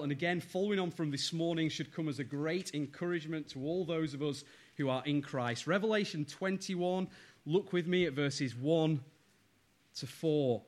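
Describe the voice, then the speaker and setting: A male pastor preaching a sermon, speaking in slow, emphatic phrases and often asking the congregation rhetorical questions. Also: fairly high pitch.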